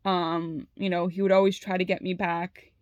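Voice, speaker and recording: A woman's voice: fairly low pitch, flat delivery, normal speed, no room sound, dull audio. A young adult woman telling a personal story in a casual monologue, heated, with lots of "like" and frequent swearing. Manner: heated, fills talk with "like" and swears freely.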